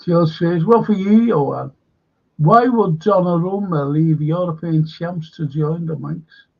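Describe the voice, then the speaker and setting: A man hosts a fan stream, drifting slowly through viewer comments and muttered asides. His voice is gravelly and husky, sitting a little high for a man. The audio is dull and lo-fi. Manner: rambling, slow, mutters asides. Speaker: host. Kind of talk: live stream chat reading viewer comments.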